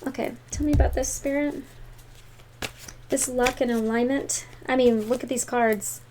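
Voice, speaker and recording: A woman's voice: high voice, fairly even intonation, moderate pace, dark tone, a little hiss or hum. A woman giving a tarot reading to viewers in an emphatic, encouraging way. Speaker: tarot reader.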